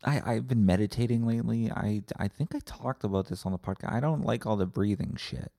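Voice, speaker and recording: A man rants alone into a close mic in a low, gravelly, dark voice. He is sarcastic and profane, and he keeps cutting himself off. The sound is dry, with no room echo. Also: fairly quick. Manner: sarcastic, profane, self-interrupting. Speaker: podcast host. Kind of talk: solo rambling podcast rant.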